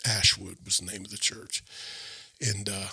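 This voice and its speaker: Man with a sharp, husky voice. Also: fairly low pitch, level tone. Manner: halting, repeats words and restarts, uh fillers. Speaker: interview guest. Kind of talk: personal storytelling in a sit-down chat.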